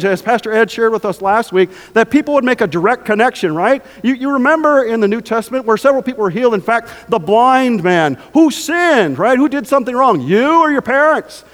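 Male pastor, high voice, animated sermon delivery, hall reverb. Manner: animated, conversational, rhetorical questions.

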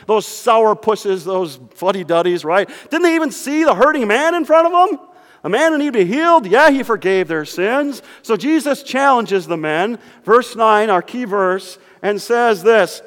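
Animated high-voiced man preaching. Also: normal speed, big-room sound. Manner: animated storytelling, asks the congregation questions. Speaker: pastor. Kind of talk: sermon.

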